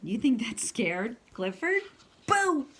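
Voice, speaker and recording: A woman's voice: a little high, sing-song, slow, fairly bright tone, a little hiss or hum, exaggerated voice. A woman voicing T-Bone, a small male dog from a storybook, in a confident, scheming way.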